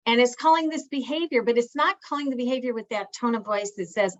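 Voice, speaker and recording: A woman's voice: on the high side, fairly quick, muffled recording. A woman family therapist giving an educational talk, speaking earnestly with frequent restarts and acting out things a parent might say. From Italian family. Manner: earnest, repeats words and restarts, acts out parent phrases.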